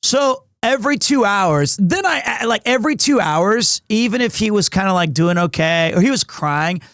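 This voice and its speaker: A man live-streaming from home, chatting casually with his viewers in a rambling, excitable, self-deprecating way. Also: high-pitched, moderate pace, no room sound, clean studio sound.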